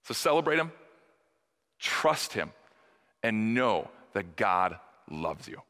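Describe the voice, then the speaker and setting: A man, a pastor, preaching an earnest funeral-themed sermon that swings between soft, slow passages and emphatic rises. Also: lowish voice, sing-song. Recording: long hall reverb.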